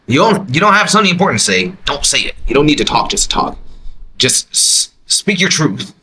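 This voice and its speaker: A man hosting his own podcast, reacting to a clip with emphatic, animated commentary from a quiet, empty room. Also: poor audio. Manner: animated, emphatic, jumps to high exclamations. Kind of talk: reaction commentary, casual monologue.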